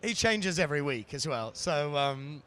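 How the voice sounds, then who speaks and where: Kiwi guy being interviewed, jokey, lots of ums, smooth clear voice. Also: on the high side, animated, fairly bright tone. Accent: New Zealand. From New Zealand. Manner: playful, joking, often pauses with fillers. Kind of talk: casual chat at a live event.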